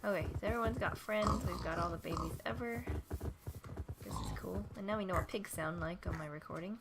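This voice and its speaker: Here the woman talks fairly quickly in a lowish voice, playing a game and chatting playfully with its on-screen animals for her gaming videos. Background noise from the home setup is audible.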